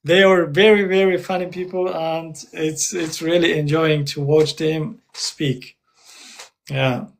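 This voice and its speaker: Male interview guest; relaxed and chatty, slightly raised pitch. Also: slow pace, creaky. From Afghanistan. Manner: relaxed, chatty, with frequent uh fillers. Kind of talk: casual interview chat.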